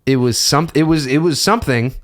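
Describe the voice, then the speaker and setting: A man's voice: on the high side, fairly quick. A young man co-hosting a movie podcast in casual, joking chat, with a profane, playful manner. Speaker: podcast co-host.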